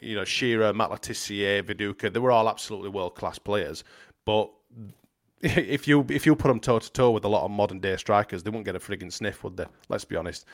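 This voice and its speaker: A man co-hosting a casual podcast over a remote call, rambling and swearing as he talks. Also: fairly low pitch. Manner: sweary, rambling, laughs a lot. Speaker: podcast host. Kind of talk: casual chat.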